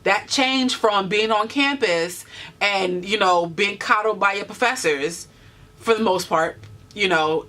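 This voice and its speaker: A woman in her twenties with a mid-range, fairly bright voice speaks earnestly to camera in a vlog. Her heartfelt talk encourages viewers, peppered with many "you know" fillers.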